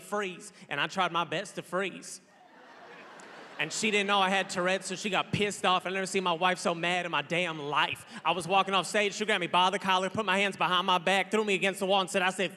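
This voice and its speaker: A man in his thirties doing a loud, playful stand-up comedy set on a large theater stage, acting out characters. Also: high-pitched. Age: 30s. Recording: long hall reverb, crowd noise.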